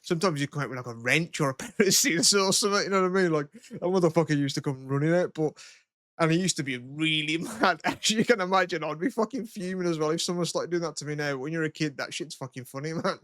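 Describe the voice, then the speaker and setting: A man's voice: a little high, fast talker, a bit bright, dry recording, studio quality. Sweary young man telling stories. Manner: sweary, rambling storyteller, laughs often. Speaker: podcast co-host. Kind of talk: casual chat.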